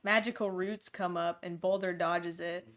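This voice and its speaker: A woman hosting a book club podcast, casually retelling a plot with quick, jokey asides. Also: fairly low pitch, fairly even intonation, fairly bright tone. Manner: quick, jokey retelling with playful voiced quotes.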